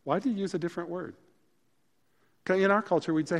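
A man's voice: sits high, quick pace. A male pastor preaching a sermon in a conversational, emphatic way that mixes scripture with stories. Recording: long hall reverb.

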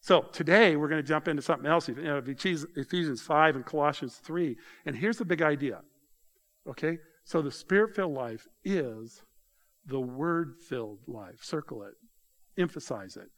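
Conversational male pastor, slightly high voice. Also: animated, normal speed. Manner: conversational, addresses congregation directly. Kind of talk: sermon.

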